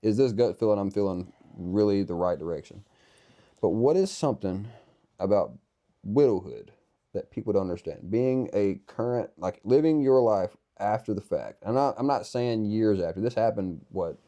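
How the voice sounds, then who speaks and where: A man's voice: on the low side, lively intonation, normal speed, warm tone, lo-fi sound. A young man hosting an interview, talking in a rambling, earnest way and thinking aloud as he goes. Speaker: podcast host. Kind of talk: conversational interview.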